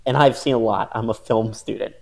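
A man with a slightly low voice, co-hosting a loose podcast chat. He talks sarcastically and laughs often while reading out movie reviews. The talk is casual and unscripted. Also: vocal fry, a little mellow. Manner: sarcastic, quick to laugh, reads reviews aloud. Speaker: podcast host.

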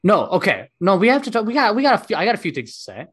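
Podcast host, man, emphatic, opinionated, a bit higher voice. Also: huge pitch swings, racing, a bit bright, husky. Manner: opinionated, emphatic, repeats points. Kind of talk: casual chat.

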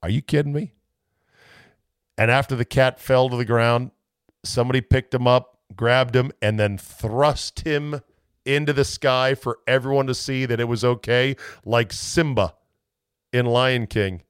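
A man hosting a sports podcast, chatting loosely and mocking himself, often jumping into high playful voices. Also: steady tone, measured pace, smooth, no echo, clean studio sound. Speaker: sports radio host. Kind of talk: casual podcast monologue.

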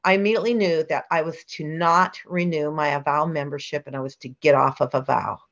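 A woman's voice: low voice, fairly even intonation, brisk, fairly bright tone. A middle-aged woman telling a story as an interview guest, chatty and rambling with fillers and restarts. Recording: dull lo-fi sound.

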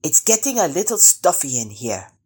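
A woman voicing a mischievous male rabbit trickster in a storybook reading, with a high, bold, teasing voice. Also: big pitch swings, moderate pace, darkish tone, slightly rough, exaggerated voice. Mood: smug.

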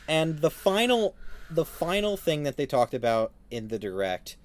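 A man's voice: fairly high pitch, very animated, moderate pace, no echo. A young man co-hosting a podcast, chatting casually in a matter-of-fact way. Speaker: podcast co-host. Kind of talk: casual chat.

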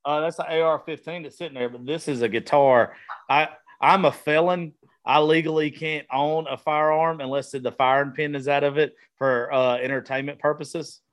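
Southern man host, slightly high voice, loose and profane, rambling conversational delivery. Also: fairly even intonation, moderate pace. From American South. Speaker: podcast host, comedian. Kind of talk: casual profane chat. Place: studio room with vintage decor.

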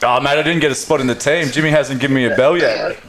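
A man's voice: medium pitch, quick pace, a bit bright, slight background noise. A man co-hosting a podcast who prank-calls a mate, laughing and swearing in matey banter. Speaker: podcast co-host making a prank phone call. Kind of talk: casual banter.

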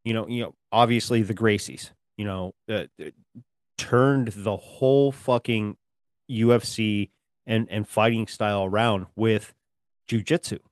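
Middle-aged guy rambling on a podcast, kinda low voice, dry mic. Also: unhurried, no echo. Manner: rambling, reminiscing, laid-back. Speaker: podcast co-host. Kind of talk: casual podcast chat.

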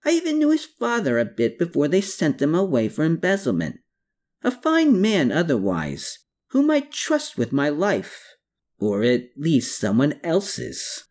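Narrator playing a roguish male dealer, jovial, theatrical, raised voice, lively swoops, audiobook. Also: fairly high pitch, measured pace, voice pushed up. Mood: jovial, boastful. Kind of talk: audiobook character voice.

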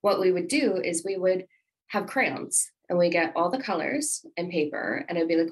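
A middle-aged woman talks from her home office, with a slightly low voice. Her tone is breathy and husky. She wanders from point to point in a relaxed, affectionate way. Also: moderate pace, rough recording. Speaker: podcast co-host. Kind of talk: casual conversation about parenting.

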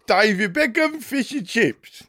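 A man's voice: high voice, animated, a little slow, pushed and bright, pitched above the performer's own voice, exaggerated voice. A man doing a sneering fake-British propagandist. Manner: mocking, exaggerated. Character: pompous British male propagandist, haughty.

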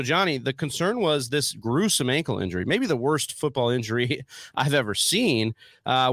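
An upbeat, chatty man hosting a casual sports podcast. His voice sits at an ordinary middle pitch. The recording is dry and close, with no room sound. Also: fairly bright tone, no room sound. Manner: upbeat, chatty, hype-building. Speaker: podcast co-host. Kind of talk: casual fantasy football podcast talk.

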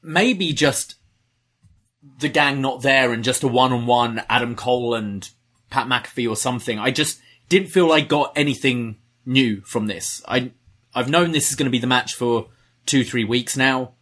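A man's voice: mid-range voice, normal speed, a bit bright. A man co-hosting a wrestling review podcast, chatting casually and wryly critiquing the show with jokes. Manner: critical, joking, wry.

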